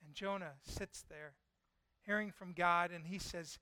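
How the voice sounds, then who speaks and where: A male pastor preaching a sermon and retelling a scripture story with lively storytelling. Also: high voice, measured pace, clear, resonant tone, no room sound. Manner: lively storytelling, voicing God and Jonah in quotes.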